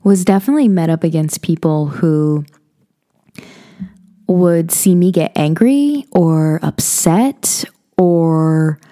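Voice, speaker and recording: A woman's voice: low voice, slow pace, mellow. A young woman hosting a podcast, talking casually and earnestly about spiritual self-help, with many "you know" and "like" fillers. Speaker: podcast host.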